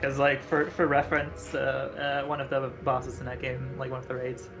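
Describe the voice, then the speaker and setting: A man's voice: mid-range voice, completely flat delivery, moderate pace, music in the background. A man chatting casually while streaming a game with friends, rambling with fillers and laughing often. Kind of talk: casual gaming chat.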